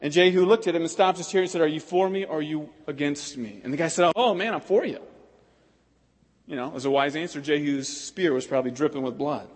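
A man, a pastor preaching a sermon with impassioned swings between loud exhortation and hushed prayer. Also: fairly high pitch, fast talker. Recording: long hall reverb.

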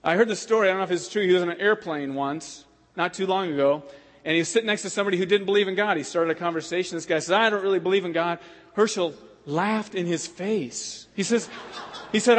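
A male pastor tells stories from the pulpit with lots of animation, acting out each character's lines. His voice sits fairly high for a man. The sound carries a long reverb from a large hall. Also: fast, slight background noise. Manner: animated, acts out voices and laughs while telling stories. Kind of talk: sermon storytelling.

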